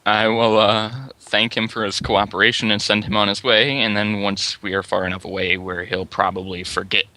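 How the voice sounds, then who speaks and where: A man chatting as a player in a tabletop role-playing game. His voice is bright and forceful, and his manner is relaxed and matter-of-fact. The sound is dry, with no room echo. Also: lowish voice, moderate pace.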